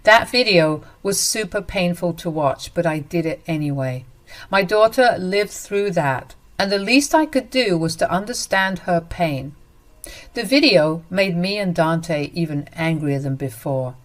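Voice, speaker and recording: A woman's voice: lowish voice, lively intonation, unhurried. A woman narrating a first-person family story in an earnest, indignant way.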